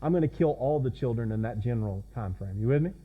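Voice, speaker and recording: A man's voice: mid-range voice, expressive, quick pace, husky, phone-quality sound. A man preaching a sermon as pastor, in a conversational way that keeps asking the congregation questions.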